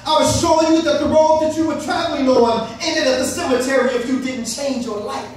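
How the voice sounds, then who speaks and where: A man voicing God as a patient, fatherly figure who calmly admonishes, heard echoing from far off in a hall. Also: very high-pitched, slight background noise. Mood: admonishing. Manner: calm, admonishing, measured.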